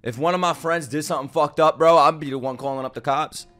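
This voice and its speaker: A young man reacting to an anime in casual, profane, jokey commentary, loud and excitable. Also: on the high side, quick pace, soft background music.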